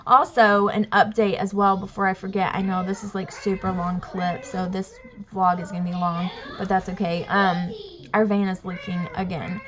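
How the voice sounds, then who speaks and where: A woman's voice: medium pitch, flat delivery, normal speed, crowd noise. A young woman with a Southern Alabama accent, chatting casually to her vlog camera at home with lots of fillers. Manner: chatty, rambling, says y'all and like a lot. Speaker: family vlogger. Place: home, near kids in the bath.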